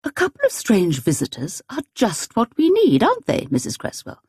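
A woman voicing a blunt, eccentric elderly spinster in an audiobook, with a brisk, imperious manner. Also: fairly high pitch, huge pitch swings, a little mellow, husky, no room sound, clean studio sound, voice pushed up, heavily acted. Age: older. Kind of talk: audiobook character voice.

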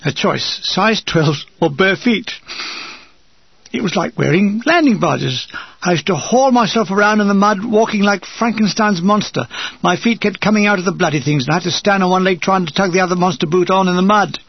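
An older man from England reading a war memoir aloud with a dry, wry comic delivery and a gravelly, husky voice. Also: high voice, fairly quick, no echo, muffled recording. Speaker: narrator.

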